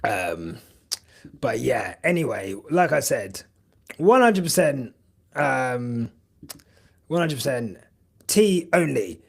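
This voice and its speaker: A man's voice: medium pitch, big pitch swings, slow, gravelly, pauses often, husky. A young man chatting casually on a live stream, rambling with many fillers and casual swearing. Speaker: podcast host streaming live.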